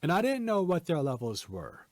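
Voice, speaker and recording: A man hosting a podcast lesson, giving presentation tips in a clear, emphatic, teacherly way. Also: a little high, wildly swooping pitch, moderate pace, darkish tone, no room sound.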